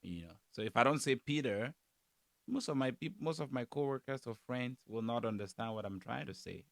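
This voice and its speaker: A man's voice: mid-range voice, a little fast, gravelly, no room sound. A man from Cameroon with a Cameroonian English accent, chatting casually as he reacts to a comedy clip. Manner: relaxed, chatty, frequent fillers. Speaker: YouTube reactor.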